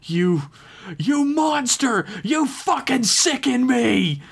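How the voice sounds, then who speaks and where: A man voicing an enraged young woman with dark powers, screaming furious accusations. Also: very high voice, sing-song, takes it slowly, creaky, breathy edge, pitched above the performer's own voice, heavily acted.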